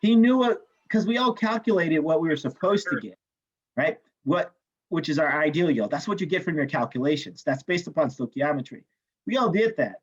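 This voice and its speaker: A man teaching a chemistry class, telling a story in an animated way, swearing freely and acting out the people he quotes. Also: fairly high pitch, brisk, husky. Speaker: chemistry instructor. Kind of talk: lecture with personal story. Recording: dull lo-fi classroom recording.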